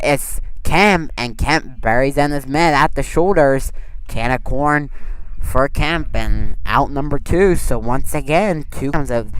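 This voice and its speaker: A young man giving steady play-by-play commentary on a high school baseball game from behind home plate, lifting his voice on the big plays. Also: clean tone, poor audio. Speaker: play-by-play announcer.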